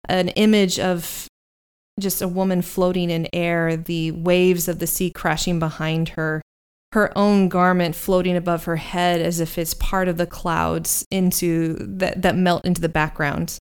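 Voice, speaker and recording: A woman's voice: fairly low pitch, little pitch movement, clean tone. Resonant-voiced woman game master. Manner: descriptive, unhurried, with halting restarts. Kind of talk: narrating a tabletop game.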